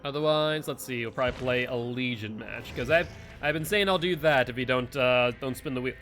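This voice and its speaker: Male game streamer, crisp forward tone, casual running commentary. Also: mid-range voice, moderate pace, fairly bright tone, soft background music. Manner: chatty, musing aloud to chat and players. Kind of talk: gameplay commentary.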